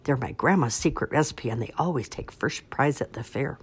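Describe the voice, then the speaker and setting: A woman's voice: extremely low pitch, expressive, fairly quick, a little hiss or hum. A woman voicing an eager young country girl in a storybook reading, in a chirpy manner.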